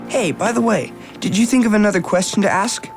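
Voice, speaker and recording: A woman's voice: mid-range voice, a little fast, music in the background, close to an everyday voice. A woman voicing a loyal, earnest teenage boy who helps out, in a children's radio drama. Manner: earnest, supportive.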